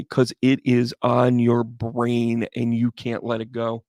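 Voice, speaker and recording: A man's voice: medium pitch, steady tone, unhurried, hardly any pauses, no echo, clean studio sound. Chatty upbeat man reading tarot. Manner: chatty, upbeat, addresses viewers by name. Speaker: tarot reader. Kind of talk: live-stream tarot reading.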